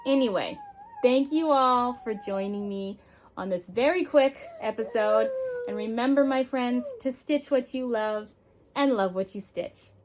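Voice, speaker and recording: A young adult woman hosting a casual crafting vlog at home, talking gently and playfully to her child. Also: a little high, a little slow, background noise. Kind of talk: casual chat.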